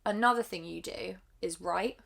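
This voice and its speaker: A woman's voice: medium pitch, moderate pace, vocal fry, a bit bright. A young woman from Britain co-hosting a podcast, talking candidly and earnestly, often restarting her sentences. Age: young adult. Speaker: podcast co-host. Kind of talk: candid casual chat.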